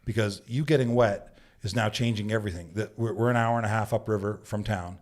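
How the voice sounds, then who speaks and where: Man, low voice, animated storyteller, casual podcast chat, acts out quotes. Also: a little fast. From Canada. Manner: animated storyteller who acts out quotes, says "right?" often. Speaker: podcast guest, Yukon bushman. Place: podcast studio.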